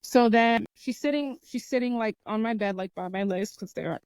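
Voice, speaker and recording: A woman's voice: a little high, moderate pace, clean tone, no echo. A young woman hosting a podcast, earnestly retelling a personal story in casual talk and acting out what people said. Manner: earnest, lively retelling with acted-out quotes and sound imitations. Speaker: podcast host.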